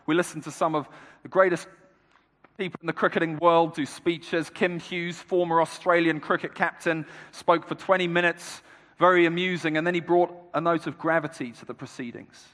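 Preacher, male, high voice, declamatory and rousing, big reverberant hall. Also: fairly even intonation, moderate pace. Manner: declamatory, building to loud exhortation. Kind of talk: rousing sermon.

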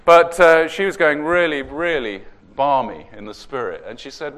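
A man preaching a sermon, telling a story in an earnest way and slowing down to stress key words. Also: on the high side, expressive, a bit bright.

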